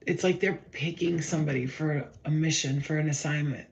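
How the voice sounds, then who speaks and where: A woman giving a live spiritual tarot reading in a rambling, excited way. She swears casually and acts out her stories. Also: deep voice, a little fast.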